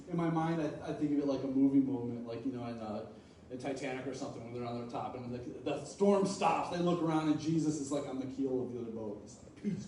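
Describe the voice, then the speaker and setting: A man preaching a sermon who swings from soft, low talk to loud, pleading passages and acts out casual, playful asides. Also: slight background noise. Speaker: pastor. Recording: echoey room, mic at a distance.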